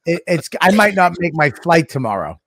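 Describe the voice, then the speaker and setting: A male podcast host in casual chat, excitable, laughing and swearing freely. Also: fairly high pitch, moderate pace, dry recording, studio quality.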